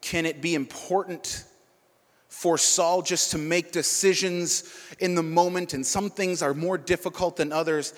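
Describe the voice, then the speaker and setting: A man with a fairly high voice reads scripture, then drops into easy, chatty asides to his listeners. A long reverb trails behind every phrase, as if he is speaking in a large hall. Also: fairly even intonation, measured pace. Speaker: preacher. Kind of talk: Bible teaching.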